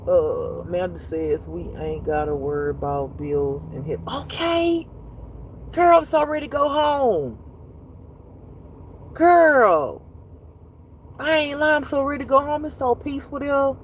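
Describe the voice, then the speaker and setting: A woman's voice: sits high, measured pace, long pauses, a little hiss or hum, poor audio. A woman who teaches intuitive spirituality, telling stories to her viewers in a casual livestream with lots of cursing and laughter. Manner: animated, profane storytelling with frequent laughs; talks straight to viewers, reads comments aloud.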